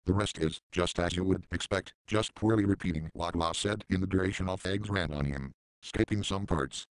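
A man with a very low, smooth, resonant voice, recorded dry and close. He delivers mocking commentary in a deadpan, sarcastic and profane way. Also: moderate pace, dry recording. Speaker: commentary channel host.

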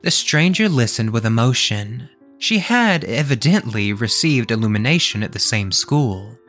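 A man hosting a podcast, reading a classic tale aloud in an expressive way. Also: mid-range voice, normal speed, soft background music. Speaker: podcast host and storyteller.

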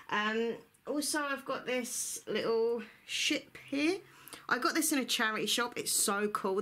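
A woman's voice: mid-range voice, bright, forceful tone. A woman chatting to camera about books in a bubbly, chatty way, with frequent laughter. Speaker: book vlogger. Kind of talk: casual chat to camera.

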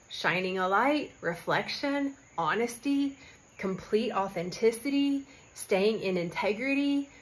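Chatty woman spiritual guide, high voice. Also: low-quality recording. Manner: animated storytelling with fillers and quoted dialogue. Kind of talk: casual spiritual talk.

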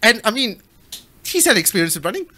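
An excitable podcast co-host chatting casually with friends. The voice swoops up and down with lots of life and has a bright, sharp edge. Stories tumble out with plenty of enthusiasm. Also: medium pitch, fairly quick. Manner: animated, excitable storyteller. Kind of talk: casual chat.

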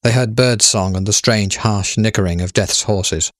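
A man in scripted narration, telling a story in a calm, even way. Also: lowish voice, normal speed, dry recording, studio quality.

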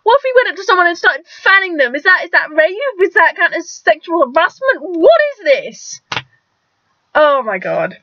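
A woman's voice: extremely high pitch, big pitch swings, moderate pace, no echo. A young woman reacting to a video, incredulous and exclaiming, often stammering and restarting her sentences. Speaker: reaction vlogger. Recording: dull lo-fi sound with faint music.

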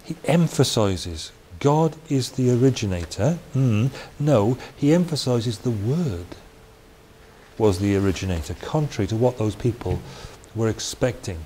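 Guy doing a bible talk, chatty and relaxed, mellow low-ish tone, bit of hiss. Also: measured pace. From Wales. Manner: conversational, chatty asides and restarts. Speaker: preacher. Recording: faint hiss.

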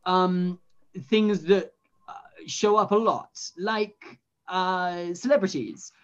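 A man's voice: high-pitched, fairly even intonation, slow, fairly bright tone, clean tone, highs cut off. A man co-hosting a spoof news show, with a stammering, flustered, bumbling delivery. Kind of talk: comic news presenting.

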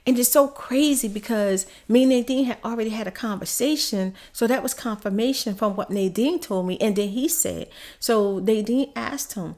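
Her voice is on the high side and a little mellow, moving at normal speed, as this YouTube storyteller heatedly recounts a personal story. She addresses viewers as "y'all" and keeps repeating herself in the emotional storytime.

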